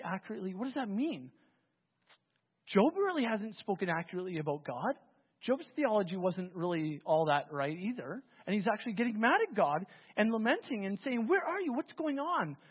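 Husky preacher on a tinny, echoey line. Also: medium pitch, fairly quick. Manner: conversational, animated storytelling with restarts. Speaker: pastor. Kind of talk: sermon. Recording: phone-like, with long hall reverb.

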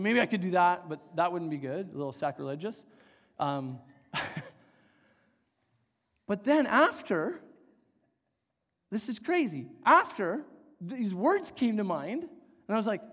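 A middle-aged man preaching a sermon, telling a personal story in an animated, rambling way with many fillers. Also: high voice, a little slow, long pauses. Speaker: pastor. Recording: long hall reverb.

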